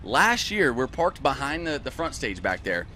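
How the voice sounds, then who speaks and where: A man guesting on a casual podcast, telling stories in an animated, profane way. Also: mid-range voice, normal speed, slight background noise. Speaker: guest musician. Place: outdoor festival podcast setup.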